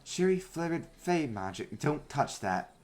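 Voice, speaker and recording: A man's voice: on the high side, very animated, unhurried, darkish tone, pitched above the performer's own voice. A man voicing a small, eager, polite robot runner bot that beeps and stammers through its sales patter. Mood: chirpy.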